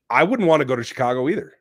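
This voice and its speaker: A man's voice: mid-range voice, vocal fry, fairly bright tone, slightly rough, no echo. Male sports talk host, opinionated and blunt, dry close sound. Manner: blunt, opinionated, reads viewer questions. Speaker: podcast host. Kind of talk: casual sports chat reading live chat.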